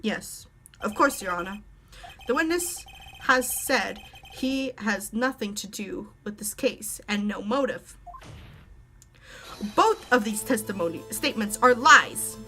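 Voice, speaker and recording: Girl voicing a determined young lawyer dude, lively high voice, game music faint behind. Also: takes it slowly. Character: earnest young male defense lawyer.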